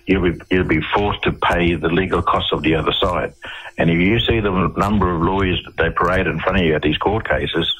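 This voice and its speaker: A man's voice: sits low, a bit bright, husky, low-quality recording. A middle-aged Australian man telling stories as a radio interview guest, rambling and often restarting his phrases. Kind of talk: casual storytelling on a radio interview.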